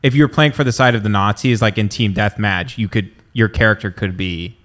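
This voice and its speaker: A man's voice: fairly low pitch, fairly quick, fairly bright tone. A man hosting a podcast, chatting casually with guests in a laid-back, rambling way. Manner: laid-back, riffing with frequent fillers. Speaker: podcast host. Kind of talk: casual chat.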